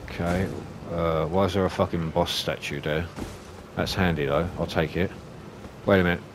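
A man commentating his own gameplay, swearing and shouting at enemies as he plays. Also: low voice, moderate pace, background noise. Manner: sweary, excitable, talks to enemies. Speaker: gaming YouTuber. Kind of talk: let's play commentary. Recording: game music behind voice.

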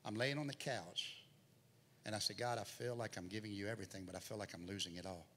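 In a church sanctuary, a middle-aged guest preacher recounts his testimony at a fast clip, his fairly low, fairly bright voice building and receding through the story. Hall reverb and faint noise color the recording.

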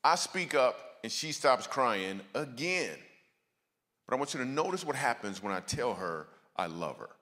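At normal speed and mid-range pitch, a guest speaker delivers a comedic sermon in a church auditorium with church hall reverb. He tells humorous stories and banters with the crowd through lively asides.

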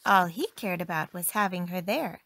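A woman narrating a bedtime storybook reading with gentle, expressive delivery. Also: lowish voice, normal speed.

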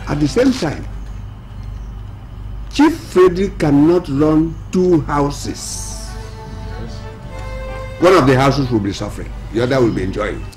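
An actor with a Nigerian accent playing a village elder announcing a decision to a council. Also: male voice, fairly high pitch. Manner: measured, lively pronouncements. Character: authoritative village elder passing judgment.

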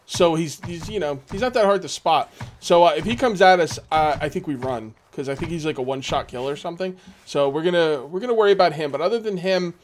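A man hosting a let's play, talking through his gameplay in a rambling, casual way with lots of fillers. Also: fairly high pitch. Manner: rambling, filler-heavy, chatty.

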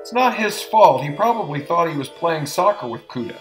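A man voicing a mild, defensive male gang member, pitching his voice up, over music. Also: expressive, normal speed, echoey room, close to an everyday voice.

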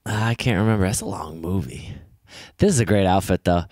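A man's voice: low voice, a little fast, a little mellow, dry recording, studio quality. A man co-hosting a video reaction show, making easygoing, wry remarks. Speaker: co-host reacting to music videos. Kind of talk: casual reaction chat.

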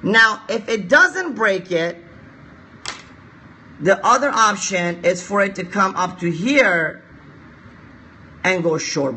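Man, high voice, bright tone, live trading stream, repeats himself, urges viewers to share. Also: lively intonation, takes it slowly, pauses often, a little hiss or hum. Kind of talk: live-stream market analysis.

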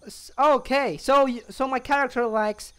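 A young man playing a video game alone, reacting out loud and chatting to the characters on screen. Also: very high voice, normal speed, smooth. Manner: excitable, talks to the game characters, laughs often. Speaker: gaming channel host. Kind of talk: solo let's play commentary.

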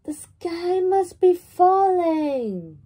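A woman voicing a tiny, easily frightened young male chicken in a storybook reading, crying out in shrill panic. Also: very animated, drawn-out words, mellow, exaggerated voice. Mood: panicky.

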